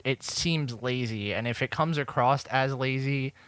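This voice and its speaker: A young man co-hosting a podcast, chatting in a relaxed way and hedging with fillers. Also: mid-range voice, unhurried, clean tone, no room sound. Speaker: podcast co-host. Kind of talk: casual chat.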